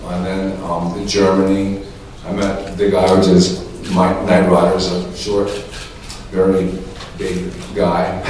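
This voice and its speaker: A man in his sixties, a press-conference guest telling anecdotes in an animated way, often laughing. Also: deep voice. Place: large echoey hall, press conference. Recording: echoey hall from far off with faint noise.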